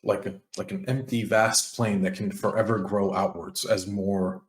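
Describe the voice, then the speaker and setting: A low-pitched man chats eagerly as a podcast co-host, piling up "like"s as he thinks aloud. His voice carries a noticeable room echo. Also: little pitch movement, normal speed. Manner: enthusiastic, talks through ideas with fillers. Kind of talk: casual podcast chat. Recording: roomy echo.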